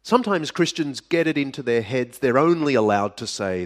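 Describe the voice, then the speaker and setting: A man preaching a sermon, speaking deliberately with dramatic pauses and sudden drops to a hush. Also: mid-range voice, lively intonation. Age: adult. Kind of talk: sermon to a live audience.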